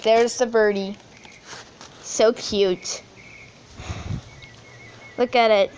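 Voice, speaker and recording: A woman's voice: fairly high pitch, steady tone, very slow, darkish tone, slight background noise. A teenage girl in a casual unboxing video, gushing and chatty with lots of fillers. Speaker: vlogger.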